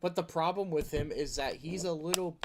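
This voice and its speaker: A man's voice: on the high side, brisk, darkish tone. A man hosting a gaming video, talking in a rambling, casual rant full of filler words. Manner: rambling, chuckling, heavy use of filler words.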